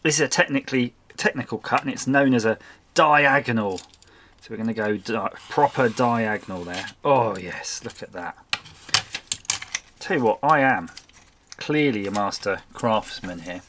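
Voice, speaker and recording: A man's voice: fairly low pitch, moderate pace, fairly bright tone, slight background noise. Chatty man muttering while crafting. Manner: chatty, self-mocking, muttered asides to himself. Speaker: crafting channel host. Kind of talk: casual chat while making a collage.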